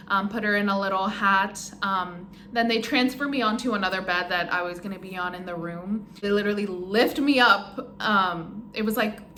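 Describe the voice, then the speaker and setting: A woman's voice: medium pitch, pushed and bright, slight background noise. A young woman vlogger casually telling her birth story, rambling with lots of "um" and "like". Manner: rambling, many fillers like "um" and "like". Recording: roomy echo.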